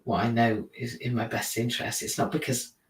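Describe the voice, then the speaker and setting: A man's voice: medium pitch, flat delivery, brisk. A man hosting a live stream in a casual, rambling, self-deprecating monologue, laughing often at his own slips. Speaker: teacher. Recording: roomy, from a distance.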